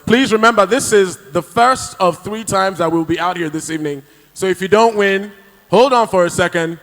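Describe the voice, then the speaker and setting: A man's voice: high voice, normal speed, fairly bright tone. A man hosting a live prize draw in a large hall, hyping the crowd as he calls out numbers. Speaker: event host.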